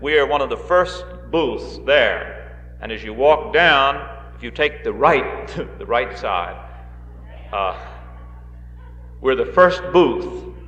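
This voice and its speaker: A man's voice: medium pitch, expressive, slow, fairly bright tone. Man giving a folksy rally speech. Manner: folksy with joking asides and frequent uh fillers. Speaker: guest speaker at a political rally. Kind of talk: live political speech to an audience. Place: large hall at a rally. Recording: roomy dull 1960s reel recording of a hall.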